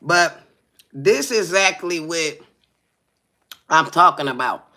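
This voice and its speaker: A woman's voice: low-pitched, animated, takes it slowly, sharp tone. A woman in her forties co-hosting a live talk show, telling profane, brash stories and constantly asking her listeners whether they hear her. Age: 40s. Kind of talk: casual live chat.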